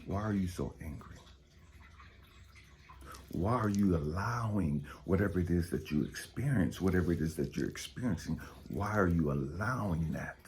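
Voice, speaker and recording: A man giving a blunt, profane motivational monologue as a spiritual coach, dropping to hushed whispers and then rising to loud outbursts. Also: low-pitched, slight background noise.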